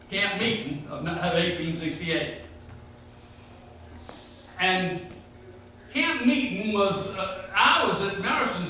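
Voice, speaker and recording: A man's voice: high-pitched, pushed and bright, slight background noise. A man from north Georgia with a Southern accent, telling humorous family history stories to a local history group. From north Georgia, USA. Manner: humorous, rambling family storytelling. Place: meeting room. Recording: very echoey room, mic far off.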